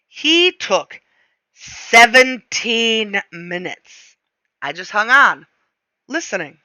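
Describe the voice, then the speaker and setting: A woman reading a novel aloud, shifting her pace and slowing on descriptive phrases. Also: mid-range voice, sharp tone, no room sound, low-quality recording. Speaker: reader.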